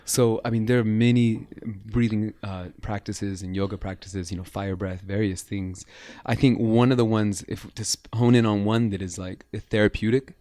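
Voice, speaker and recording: A man's voice: on the low side, steady tone, normal speed, warm tone, no room sound. A man talking as a podcast guest about bodywork and breath, earnest and flowing, sometimes guiding the listener through breathing. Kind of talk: casual interview chat.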